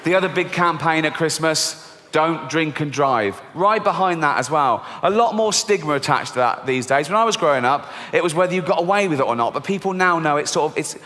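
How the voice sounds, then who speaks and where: A man in his fifties with an English accent, performing a stand-up set in a dry, deadpan and crude manner. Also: fairly high pitch, fast, hardly any pauses. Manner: deadpan, dark and crude, acts out characters. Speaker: stand-up comedian. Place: theatre stage. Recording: reverberant hall, faint ambience.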